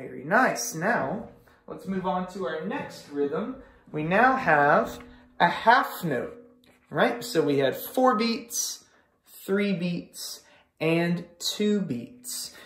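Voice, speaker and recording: A string teacher leading an online music lesson, counting beats aloud with patient encouragement. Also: mid-range voice. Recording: echoey room with violin playing.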